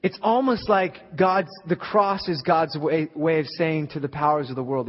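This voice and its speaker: A man preaching a sermon as a guest speaker, conversational at times and building to loud, emphatic peaks. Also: fairly high pitch, normal speed, hardly any pauses. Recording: echoey hall, slightly dull sound.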